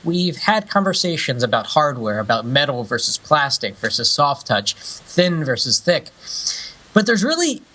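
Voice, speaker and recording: A man's voice: fairly high pitch, big pitch swings, moderate pace, pushed and bright. A man co-hosting a tech podcast, talking earnestly and with enthusiasm about tech trends. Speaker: podcast co-host, editor. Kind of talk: casual tech podcast chat.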